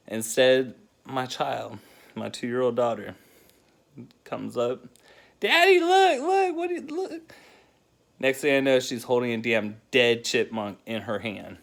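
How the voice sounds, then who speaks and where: A man's voice: on the low side, creaky, a bit bright. A man, a single father, hosting a casual countdown vlog, laughing often as he tells loose, rambling stories.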